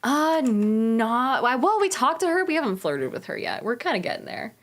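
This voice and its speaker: A woman's voice: fairly high pitch, very animated, normal speed. A woman streaming a game, chatting casually with her viewers and swearing freely.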